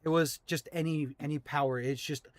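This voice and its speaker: A man running a tabletop game as game master, narrating the scene in an animated way. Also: on the high side, a little fast. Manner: animated, shouts out monster lines.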